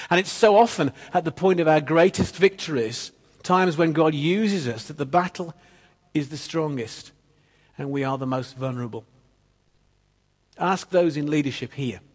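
A man preaching a sermon. He tells stories and drops quietly at the ends of phrases. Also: mid-range voice. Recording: long reverb of a church hall.

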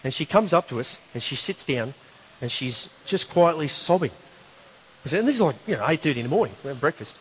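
A man preaching a sermon, telling a story in a conversational, animated way with asides. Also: a little high, brisk, a little hiss or hum.

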